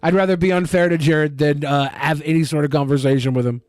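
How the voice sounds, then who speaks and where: A man's voice: on the high side, steady tone, quick pace, darkish tone, no room sound, studio quality. A man co-hosting a podcast, mocking someone with sarcastic, profane remarks in casual chat. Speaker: podcast co-host.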